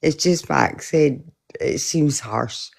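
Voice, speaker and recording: A woman's voice: low voice, takes it slowly, vocal fry, darkish tone. A woman viewer on a live stream saying goodbye in a cheeky, sweary way, laughing often and calling people darling. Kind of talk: casual goodbye chat.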